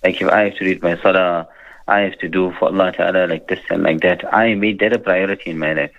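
A man with a very low voice gives religious counsel in a slow, earnest, preacherly way, now and then reciting verses in Arabic. The recording is a little dull and lo-fi. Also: fairly even intonation. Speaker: Islamic teacher. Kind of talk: religious advice in conversation.

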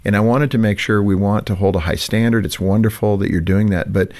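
A man's voice: fairly low pitch, steady tone, fairly quick, a little mellow. A man hosting a faith-based parenting discussion, asking questions and affirming his guest, drawing on his experience as a father. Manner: inquisitive, affirming, prompts with questions. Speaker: host, father.

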